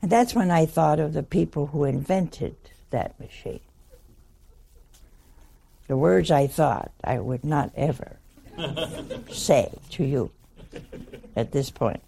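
A woman's voice: sits low, expressive, slow, gravelly, long pauses, dark tone, slightly rough. An older woman, a nun, telling a funny story in a wry, folksy, chuckling way. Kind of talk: humorous anecdotal storytelling talk.

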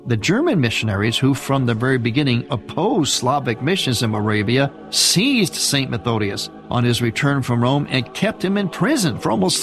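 An older man, a priest, giving an informal church history lecture with a husky voice and a conversational, explanatory manner, turning now and then to speak to his listeners. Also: mid-range voice, very animated, normal speed, few pauses, fairly bright tone, faint music behind. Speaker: Byzantine Catholic priest teaching church history.

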